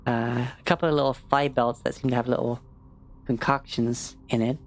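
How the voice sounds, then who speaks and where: A woman's voice: extremely low pitch, fairly even intonation, normal speed. A woman narrating a tabletop game as game master, hesitant and full of fillers. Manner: hesitant, full of fillers, swears when frustrated.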